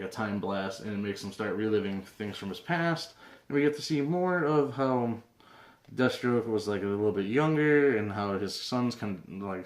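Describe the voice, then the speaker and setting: A young man hosting a casual comic book review vlog, rambling with lots of fillers and restarts. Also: lowish voice. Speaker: comic book video host. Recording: roomy echo.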